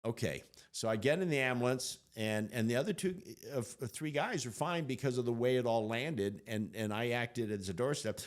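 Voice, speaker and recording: An older man as an interview guest, telling a personal story in an animated way, laughing often and acting out what others said. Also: medium pitch, normal speed, hardly any pauses.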